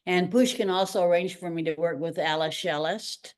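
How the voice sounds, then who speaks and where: An older Canadian woman, a retired ballerina and teacher, is the guest in a casual interview, speaking at a normal pace in a lowish voice. She tells her stories with animation, acting out the voices of the people in them.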